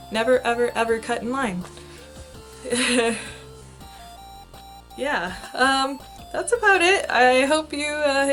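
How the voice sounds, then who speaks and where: Young adult female vlogger, animated storyteller, light laughs, faint music bed. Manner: animated, giggly, acts out quotes with big pitch jumps. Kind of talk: casual storytime vlog.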